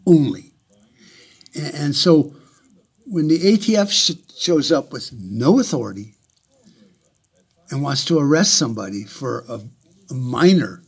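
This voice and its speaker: Heated, profane man ranting, husky voice. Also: mid-range voice. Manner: repeats words and restarts often. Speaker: vlogger. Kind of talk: angry rant to camera.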